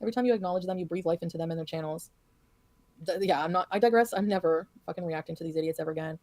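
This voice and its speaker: A woman streamer rattles off her rant at a quick clip, blunt and profane, brushing off her critics. Her voice sounds close and dry, with no room around it. She talks in a loose, unscripted livestream chat. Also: fairly low pitch, a little mellow, no echo.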